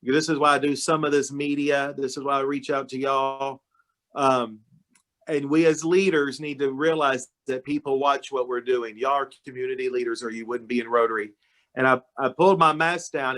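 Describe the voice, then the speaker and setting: A man tells a story in a folksy, heartfelt way, his voice sitting at an ordinary middle pitch. He talks to a club on a video call, loose and chatty, with plenty of "y'all.". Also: fairly even intonation, normal speed, a bit bright. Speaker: county judge. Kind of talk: informal talk to a club meeting.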